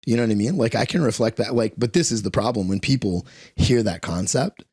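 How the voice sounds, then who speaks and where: A man with a low, gravelly and husky voice tells stories in a casual interview. He swears freely and acts out the voices of lions, dogs and bystanders as he goes. The sound is close and dry. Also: fairly quick, no echo. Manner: profane, animated storyteller acting out voices. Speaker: guest dog trainer.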